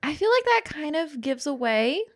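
A woman co-hosting a podcast in casual chat, joking and quick with quips. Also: high-pitched, sing-song. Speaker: podcast co-host.

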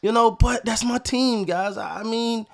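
Fed-up profane sports podcaster, high voice. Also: male voice, a little slow, creaky. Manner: frustrated, profane, repetitive. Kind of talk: casual sports rant.

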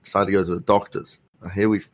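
A young man with a sore throat, speaking softly while telling a rambling, wry story in a casual podcast chat. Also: sits low, flat delivery, fast. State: sore throat, soft-spoken. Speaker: podcast co-host.

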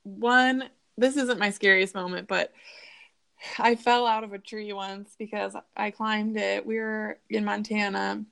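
A woman's voice: mid-range voice, steady tone, unhurried, vocal fry, a bit bright, clean tone. Laughing young woman hosting a podcast. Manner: friendly, laughs often, asks questions. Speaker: podcast co-host asking questions. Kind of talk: casual podcast chat.

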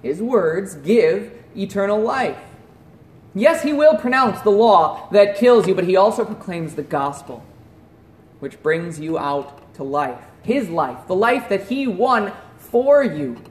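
A man preaching a sermon in an earnest voice that drops to a hush at solemn points. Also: high-pitched, sing-song, slow pace, echoey room. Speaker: pastor.

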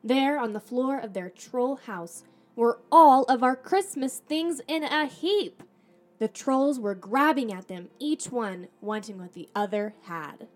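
A woman podcast host reading a children's storybook aloud in the first person, animated, with acted dialogue. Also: a little high, unhurried.

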